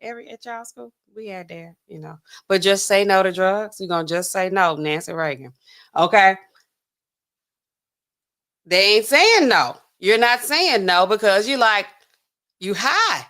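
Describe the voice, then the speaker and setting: A woman's voice: medium pitch, animated, measured pace, sharp tone. Chatty woman pharmacist commenting. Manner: chatty, talks straight to viewers. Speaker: pharmacist host reacting to news. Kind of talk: casual commentary over a news clip.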